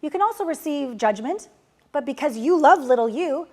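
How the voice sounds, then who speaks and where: Emphatic, blunt woman coach with a high voice. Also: moderate pace. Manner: emphatic and animated, swinging between loud pushes and soft, tender passages; blunt and casual, with swearing. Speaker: relationship and manifestation coach. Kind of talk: coaching course lesson.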